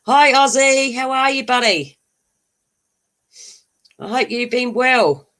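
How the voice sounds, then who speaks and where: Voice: sits high, takes it slowly, fairly bright tone. Giggly streamer chatting. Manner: laughs often, chatty and rambling, answers chat. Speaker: livestream host. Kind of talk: casual livestream chat.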